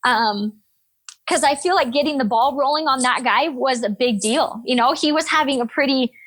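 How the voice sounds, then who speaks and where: A woman in her thirties, a nurse and podcast guest, telling a story in an energetic, upbeat, animated way. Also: sits high, normal speed. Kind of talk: casual storytelling interview.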